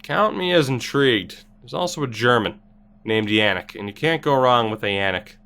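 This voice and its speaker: Streaming a hockey video game from a desk mic, this male gamer mutters dry, sarcastic asides while playing and reads out viewer comments. His pitch rises and falls constantly, and his animated delivery moves at a moderate pace with vocal fry and a slightly bright tone.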